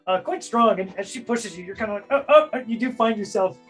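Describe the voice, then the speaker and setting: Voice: medium pitch, a little fast, a bit bright, husky, faint music behind, poor audio. A game master casually narrating a tabletop game scene, filling in with lots of hedges and fillers.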